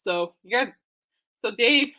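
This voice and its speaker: A woman's voice: a little high, expressive, slow pace, sharp tone, poor audio. A woman hosting her own podcast live, rambling casually with lots of fillers and exclamations. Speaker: podcast host. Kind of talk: casual live-stream chat.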